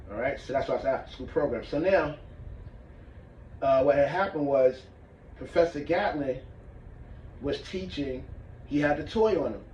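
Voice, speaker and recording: A man with a mid-range, slightly mellow voice teaches martial arts breathing in a casual way, demonstrating as he talks and checking in with "all right?" The sound is muffled, with the mic far off in an echoey room and slight background noise.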